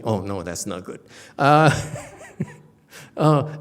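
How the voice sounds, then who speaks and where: A man's voice: fairly low pitch, lively intonation, extremely slow. A male Buddhist teacher giving a dharma lecture, blunt and teasing, often mimicking his students' complaining voices. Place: temple lecture hall.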